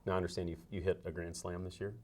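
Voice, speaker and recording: Male host, very deep voice, quick pace, brisk interviewer. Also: level tone, a little mellow. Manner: brisk, eager back-channel replies. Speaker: student sports show host, interviewer. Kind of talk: interview questions and show sign-off.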